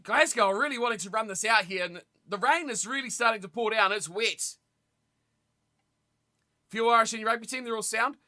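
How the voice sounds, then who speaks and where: Give me a young man chatting over a rugby stream, high and very bright, with loud bursts at big plays. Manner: chatty, reacts loudly to play, answers viewers. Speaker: streamer commentating a rugby watch party. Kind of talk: casual live commentary and chat.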